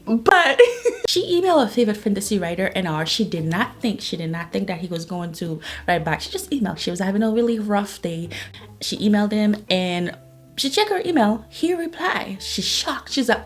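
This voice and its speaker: A young woman chatting about books she read this month, gushing and retelling plots with quick quoted asides. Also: medium pitch. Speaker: book reviewer. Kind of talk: casual monthly reading wrap-up.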